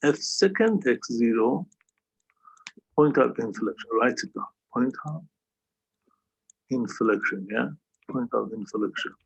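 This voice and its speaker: A man's voice: medium pitch, slow pace, creaky, long pauses, breathy edge. A man teaching a calculus lesson over a video call, who keeps checking understanding with a questioning "yeah?". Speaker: math tutor.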